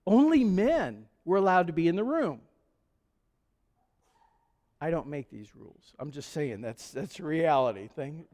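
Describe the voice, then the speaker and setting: A male pastor tells stories from the pulpit in a high, easygoing voice. His relaxed sermon rings out through a church with a long reverb. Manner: conversational storytelling with chuckles. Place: church sanctuary.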